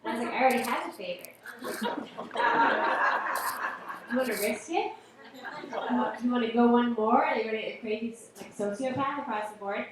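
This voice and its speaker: A woman's voice: on the high side, normal speed, pauses often, recorded from a distance, noisy background. A woman in her late thirties doing a live stand-up set on stage, chatty and self-deprecating with lots of fillers and asides. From Boston area. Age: late 30s. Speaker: stand-up comedian. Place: comedy club stage. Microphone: stage microphone. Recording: roomy live-stream audio from afar.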